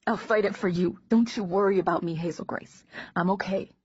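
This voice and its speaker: A woman voicing a calm, seriously ill teenage boy who talks quietly and holds back tears. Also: medium pitch, brisk, husky, no echo, lightly acted. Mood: tender. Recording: dull lo-fi recording.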